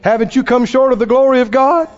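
A man's voice: very high voice, fast. A man preaching a sermon in a folksy, emphatic way, acting out the people he quotes. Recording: dull sound with long hall reverb.

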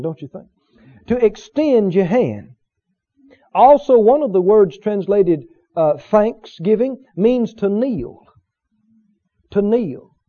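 High-pitched fervent preacher. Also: male voice, muffled recording. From Mississippi. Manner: fervent, repetitive, rising to shouts of praise. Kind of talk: sermon.

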